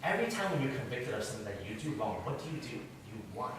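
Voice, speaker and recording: A man's voice: medium pitch, fast talker, few pauses. Man teaching in a very echoey room. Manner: quizzes the class, lively and conversational. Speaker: Bible class teacher. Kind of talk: interactive Bible study teaching. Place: church classroom. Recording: echoey room, distant mic, background noise.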